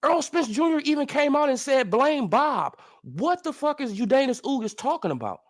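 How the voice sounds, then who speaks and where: A man's voice: very high-pitched, very animated, moderate pace. A man ranting in sports commentary as a vlogger, profane and incredulous, firing off heated rhetorical questions.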